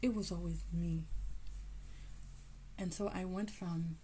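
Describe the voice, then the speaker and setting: A young woman giving a casual, emphatic spiritual testimony with a husky voice that often drops to a whisper. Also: lowish voice, fairly even intonation, takes it slowly, warm tone, a little hiss or hum, rough recording. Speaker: testifying believer.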